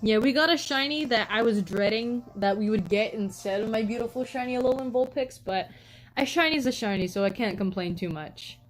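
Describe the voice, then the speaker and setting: A woman's voice: on the high side, fairly quick, soft background music, low-quality recording. A young woman chatting casually on a live stream, telling rambling stories full of "like" and "um" and greeting viewers. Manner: chatty storytelling, frequent "like" and "um" fillers.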